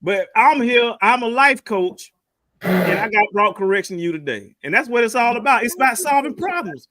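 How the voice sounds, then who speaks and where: A man's voice: very high-pitched, expressive, moderate pace, pushed and bright, dry recording. A man acting as a life coach on a call-in talk show, teasing and lecturing playfully. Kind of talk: casual call-in show banter.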